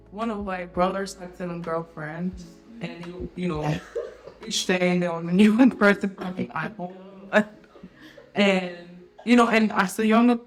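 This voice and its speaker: A woman's voice: mid-range voice, low-quality recording. A young woman telling personal stories in casual conversation as a podcast guest, laughing often and using many fillers. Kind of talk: casual storytelling.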